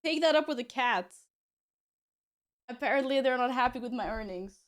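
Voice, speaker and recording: A woman's voice: on the high side, animated, moderate pace. A woman streamer chatting casually with her audience, bubbly and apologetic with frequent giggles. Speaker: live streamer.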